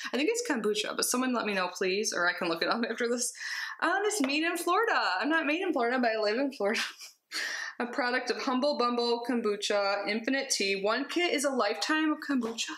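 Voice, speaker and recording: A young woman chatting casually as she unboxes a subscription box at home, bubbly and excitable with giggly asides. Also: on the high side, roomy sound, a little hiss or hum. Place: home, with cats.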